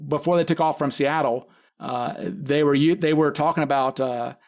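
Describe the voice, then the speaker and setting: His voice sits a little high and moves at a normal speed. As a podcast guest with expertise on the case, he tells the story casually and in detail, voicing the quoted lines and often starting sentences over or correcting himself.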